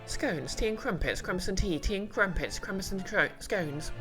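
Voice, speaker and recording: A woman's voice: medium pitch, expressive, measured pace, pitched above the performer's own voice, lightly acted. A woman putting on a chirpy British girl. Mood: sing-song. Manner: sing-song chanting. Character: prim young British woman witness. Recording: game music behind.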